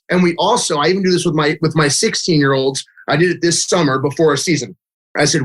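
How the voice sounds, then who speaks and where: A man who coaches youth baseball, telling stories in a casual interview, chatty and full of "like", acting out quotes. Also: fairly high pitch. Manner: chatty, fills speech with "like", acts out kids' and his own quotes. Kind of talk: casual interview chat, storytelling.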